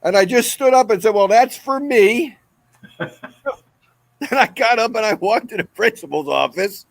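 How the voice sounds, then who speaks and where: A man, the guest, telling a comic story in an animated, excitable way. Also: high voice, moderate pace, vocal fry, dry recording. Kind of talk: comedic storytelling.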